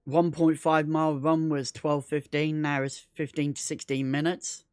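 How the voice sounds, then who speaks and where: A man's voice: a little high, level tone, normal speed, clean tone, dry recording. Bloke rambling on his game stream, swears every other word, repeats himself, dry close mic. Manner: rambling, repetitive, heavy swearing. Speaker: gaming livestreamer. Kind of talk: casual gaming livestream chat.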